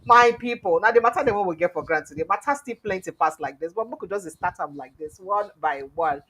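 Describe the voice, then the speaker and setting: A woman from Nigeria with a Nigerian Pidgin English accent, giving animated news commentary on her vlog with exclamations and wry asides. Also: medium pitch, a little fast, hardly any pauses, a little hiss or hum, low-quality recording. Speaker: news vlogger.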